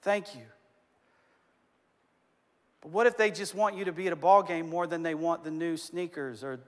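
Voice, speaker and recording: A man in his forties preaching a sermon from a stage, telling stories in an animated, emphatic and self-deprecating way. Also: fairly high pitch, normal speed. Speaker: pastor. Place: stage in a large hall. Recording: reverberant hall.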